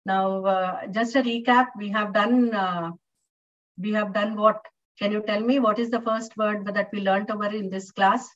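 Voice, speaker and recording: A woman's voice: mid-range voice, steady tone, a little slow. A woman with an Indian English accent teaching a live online university English lesson, explaining patiently with many fillers and questions to her students. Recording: distant, muffled online-class audio.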